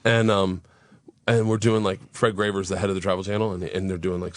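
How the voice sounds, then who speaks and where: A man in his thirties, a guest on a radio talk show, telling a wild story in a profane, animated way, acting out the voices. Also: sits low, fairly quick, no room sound.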